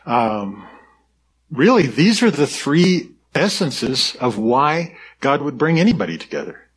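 A man's voice: medium pitch, big pitch swings, a little slow, slightly rough. A man pastor giving an earnest, conversational sermon, often restarting his sentences. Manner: conversational and earnest, with frequent restarts and soft laughs.

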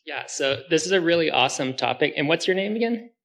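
A man speaks up in a casual faith discussion with a bright, forceful tone. He sounds enthusiastic and talks loosely, stringing thoughts together with fillers. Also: fairly high pitch, animated, fast talker, creaky, rough recording. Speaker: group member sharing.

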